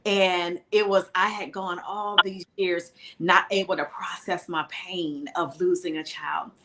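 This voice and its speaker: A woman's voice: lowish voice, fairly even intonation, unhurried, very noisy. A middle-aged woman who coaches spiritual wellness, talking with a caller in an earnest, consoling, preacher-like way. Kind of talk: emotional live-show chat with a caller.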